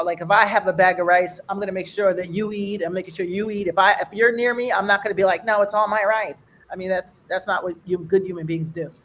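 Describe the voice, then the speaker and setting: An older American woman doing a loose, rambling stand-up set for an online fundraiser. She chats to the audience like a friend, and her pitch leaps up whenever she imitates someone else's accent. A faint hiss of background noise sits under her voice. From United States. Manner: rambling and conversational, mimicking accents with big pitch jumps. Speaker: stand-up comedian.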